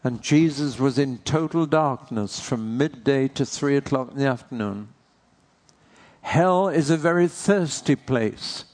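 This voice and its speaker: Slow, earnest male preacher. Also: medium pitch, darkish tone. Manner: slow, earnest, asks rhetorical questions. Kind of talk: sermon.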